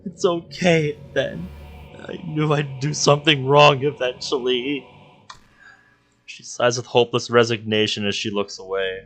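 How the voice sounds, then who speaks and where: A man voicing a lovesick young anime girl from a game, in a high, soft falsetto that keeps breaking. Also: steady tone, a little slow, faint music behind, natural voice. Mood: resigned.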